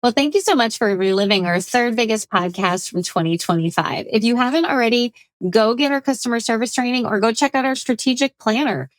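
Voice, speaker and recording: A woman hosting a podcast, introducing the episode and pitching courses in an upbeat sales manner. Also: fairly quick, dry recording. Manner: upbeat sales pitch, urging listeners to act. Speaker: podcast host. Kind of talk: promotional intro and outro.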